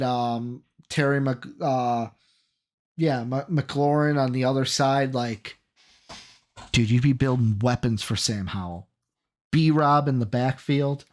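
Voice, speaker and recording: Chatty man quizzing his co-host. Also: medium pitch. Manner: energetic, rattles off names and quizzes his co-host. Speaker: podcast co-host. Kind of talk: casual sports chat.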